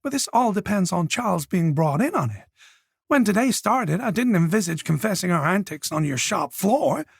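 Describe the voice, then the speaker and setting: A man's voice: sits high, animated, normal speed, creaky, husky, no echo, clean studio sound, pitched above the performer's own voice, exaggerated voice. A man voicing Priscilla, a cold schemer. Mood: cool, persuasive. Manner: firm, controlling, clipped. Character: cold, scheming woman who stays calm under pressure. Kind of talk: audiobook character voice.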